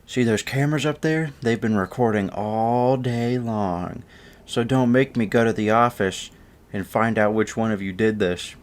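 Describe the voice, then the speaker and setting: A man's voice: mid-range voice, lively intonation, moderate pace, voice pushed up, lightly acted. A man voicing an angry female gym teacher who screams and accuses the class. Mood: stern threatening. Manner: screeching, accusing, losing her temper.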